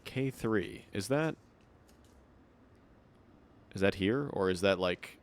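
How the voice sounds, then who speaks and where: A man's voice: on the low side, animated, takes it slowly. Man chatting through a game stream. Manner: rambling, reads in-game notes aloud. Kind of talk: casual gameplay commentary.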